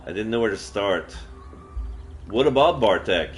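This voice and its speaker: A man streaming a solo roleplay game, narrating in first person and breaking off with excited, swearing outbursts. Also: on the low side, measured pace, faint music behind.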